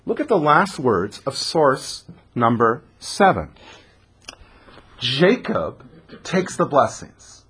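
A man giving an animated Torah lecture, dramatic and acting out the characters' voices. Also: medium pitch, takes it slowly, long pauses, slightly rough. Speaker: Torah teacher.

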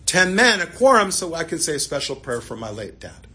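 A man's voice: on the high side, very animated, fairly quick, sharp tone, pitched above the performer's own voice, exaggerated voice. A man voicing a polite businessman in mourning who explains things plainly.

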